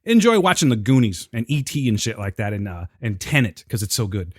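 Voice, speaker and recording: A man co-hosting a podcast in casual, joking chat with quick asides. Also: lowish voice, sing-song, no room sound, clean studio sound. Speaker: podcast co-host.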